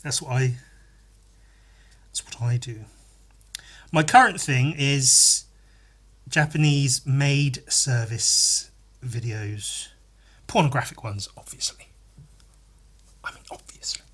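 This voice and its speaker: Husky, bright-voiced man rambling. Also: medium pitch, takes it slowly, long pauses. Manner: crude, rambling, mock-earnest, giggly asides. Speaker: podcast host. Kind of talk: crude rambling comedy monologue.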